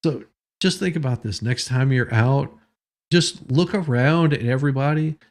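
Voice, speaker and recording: A man's voice: medium pitch, moderate pace. A man hosting a morning news commentary stream, rambling and joking as he reads headlines and goes off on tangents. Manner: rambling, joking, self-interrupting. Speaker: host.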